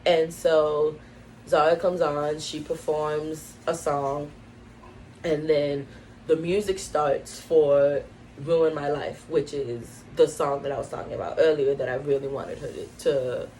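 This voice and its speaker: A woman's voice: low voice, darkish tone, a little hiss or hum, rough recording. A young woman vlogger telling a casual story at home, full of "like" and "um" fillers. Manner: chatty, lots of "like" and "um" fillers. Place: at home, indoors.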